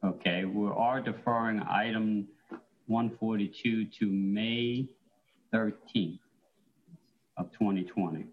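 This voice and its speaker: A man's voice: on the low side, steady tone. Man chairing a meeting over muffled audio. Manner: measured, procedural, reading item numbers. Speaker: council chairman. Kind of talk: formal meeting procedure. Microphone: remote call-in audio.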